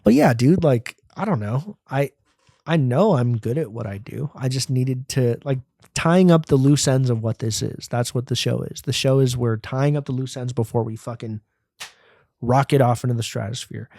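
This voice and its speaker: A male comedian riffs through a casual solo rant, profane and self-mocking as he wanders between stories. His tone is mellow and dark, and the recording is close and dry. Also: mid-range voice, moderate pace, gravelly, dry recording. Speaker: comedian and podcast host.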